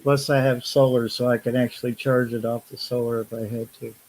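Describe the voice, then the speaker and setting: Male guest, medium pitch, practical step-by-step explainer. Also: flat delivery, fairly quick, a little mellow, rough recording. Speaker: guest on live stream. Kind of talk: casual live-stream chat.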